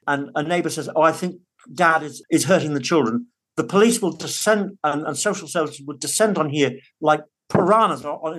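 Earnest man, slightly high voice. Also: fairly bright tone. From United Kingdom. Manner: earnest and emphatic, restarts words. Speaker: podcast guest, father. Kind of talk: conversational interview.

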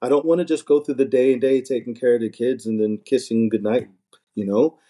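A man's voice: medium pitch, steady tone, fairly quick, mellow. A man in casual conversation, talking earnestly and often repeating words as he starts a thought. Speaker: podcast guest, married minister. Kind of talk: casual chat.

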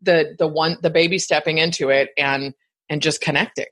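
Chatty woman host with a husky voice. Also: deep voice, steady tone, a bit bright. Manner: chatty, quick, with frequent laughs. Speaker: podcast host. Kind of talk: casual live-stream chat.

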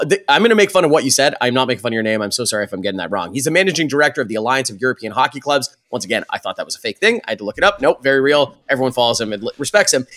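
Animated man ranting on a podcast. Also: mid-range voice. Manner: animated, swearing, mocking rants with fillers. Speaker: podcast co-host. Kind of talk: casual chat.

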